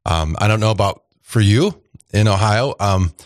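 A man hosts a radio talk show in a lowish voice. He talks in a loose, rambling way, full of fillers and restarts. The studio sound is dry and close, with no room echo. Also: moderate pace. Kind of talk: casual radio chat.

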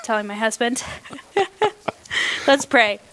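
A woman's voice: on the high side, very animated, slow, a crowd in the background. A woman co-hosting a radio talk show in a studio, bubbly and teasing in casual banter. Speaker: radio co-host.

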